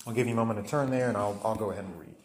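Echoey pastor teaching from scripture. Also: male voice, on the low side, very fast, darkish tone. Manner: conversational teaching with restarts, reads scripture aloud. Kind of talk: sermon.

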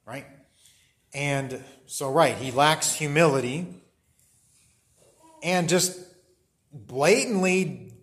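A man's voice: a little high, unhurried, long pauses. Conversational male Bible study teacher. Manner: conversational, checks in often with "right?".

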